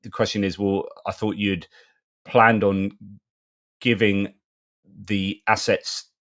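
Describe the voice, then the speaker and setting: Brief: male live-stream host, middle-aged, low-pitched, chatty and rambling. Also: flat delivery, slow, fairly bright tone. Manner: chatty, rambling, many fillers and restarts. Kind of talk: live-stream news commentary.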